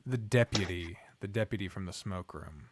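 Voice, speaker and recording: A man's voice: deep voice, normal speed. A man with a Midwestern accent chatting casually on a stream, rambling and trailing off with ums. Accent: Midwestern American. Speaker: streamer and visual novel narrator.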